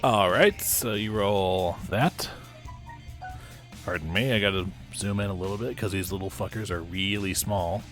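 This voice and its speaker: Halting male game master, faint music. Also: low-pitched, fairly bright tone. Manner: casual, halting, many restarts while describing action. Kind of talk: narrating and ruling a tabletop game.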